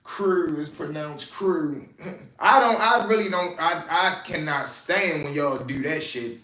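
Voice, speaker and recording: A man's voice: on the high side, measured pace, sharp tone. A man with a Baltimore accent hosting a casual, profane commentary stream in laid-back slang. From West Baltimore. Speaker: channel host. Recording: roomy echo, distant mic.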